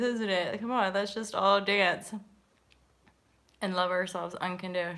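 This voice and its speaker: With a gravelly, bright and forceful mid-range voice, this livestream host from Canada keeps things casual. She's bubbly, laughing a lot and cursing without hesitation.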